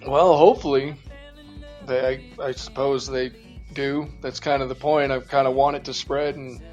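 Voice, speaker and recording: Relaxed man talking as a guest. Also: mid-range voice, moderate pace, lo-fi sound, faint music behind. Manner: relaxed, easygoing, laughs along. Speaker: interview guest, group organizer. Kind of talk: casual interview conversation.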